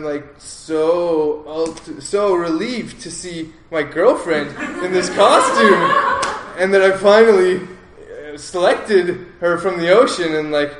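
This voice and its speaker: A man with a slightly high voice spins a rambling personal story, full of fillers, restarts and self-amused chuckles. The recording rings with a roomy echo. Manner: loose, full of "like" and restarts, laughing at himself. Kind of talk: casual spoken story, rambling and animated.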